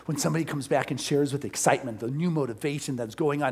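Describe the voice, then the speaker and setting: A middle-aged male pastor giving a storytelling sermon, dropping to soft asides and rising to loud, emphatic peaks. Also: mid-range voice, fast, few pauses, husky.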